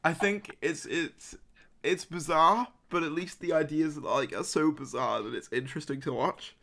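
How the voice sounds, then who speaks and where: A man's voice: a little high, moderate pace, creaky, fairly bright tone, a little hiss or hum. A man hosting a casual podcast chat, rambling with lots of fillers and laughs. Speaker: podcast host.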